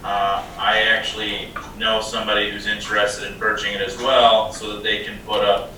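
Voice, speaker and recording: A man on a city board speaks plainly and directly over a remote call, his voice bright and sharp but flat. The sound is very echoey and distant, with a faint hiss underneath. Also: fairly low pitch, moderate pace. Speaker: board member. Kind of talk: public meeting discussion.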